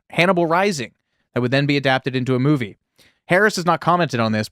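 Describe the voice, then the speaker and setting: A man's voice: mid-range voice, fairly bright tone, dry recording, studio quality. A man co-hosting a casual podcast, reading out film history with wry, sarcastic asides. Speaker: podcast co-host.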